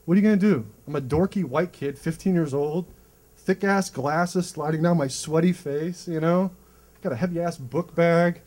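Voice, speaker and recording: A man from Cleveland doing a stand-up comedy set on a club stage, telling stories in an animated way. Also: normal speed, a little hiss or hum. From Cleveland, USA. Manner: animated, storytelling, swings in pitch.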